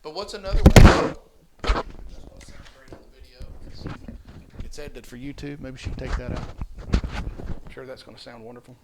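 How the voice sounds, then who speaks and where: A man's voice: medium pitch, animated, normal speed, long pauses, very noisy. A man teaching a children's communion class, coaxing answers with repeated questions. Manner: coaxing, asks questions over and over. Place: church classroom.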